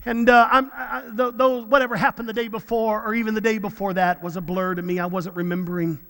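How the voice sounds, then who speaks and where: High, bright-voiced preacher in an echoing hall. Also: male voice, fairly even intonation, fast. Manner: earnest, with frequent repeated words and restarts. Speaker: pastor. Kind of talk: sermon storytelling.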